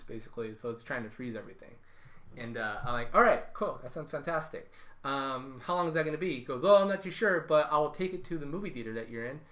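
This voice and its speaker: With a medium-pitched, fairly bright voice, this young podcast co-host keeps things casual and chatty, animatedly performing the dialogue of the stories he tells.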